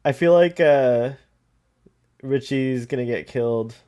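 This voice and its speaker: A man's voice: mid-range voice, a little slow, dark tone, clean tone. A man chatting casually and joking while watching a movie with a friend. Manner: joking, laughs often. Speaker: co-host. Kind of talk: casual watch-along chat.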